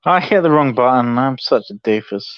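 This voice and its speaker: A man's voice: medium pitch, animated, normal speed, dull audio, noisy background. A man joining a live stream as a guest, teasing and self-mocking. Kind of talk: casual chat.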